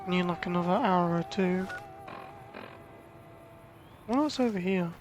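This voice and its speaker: A woman's voice: lowish voice, unhurried, over music. A woman casually commenting on her gameplay, chatty and rambling. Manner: chatty, rambling, self-deprecating.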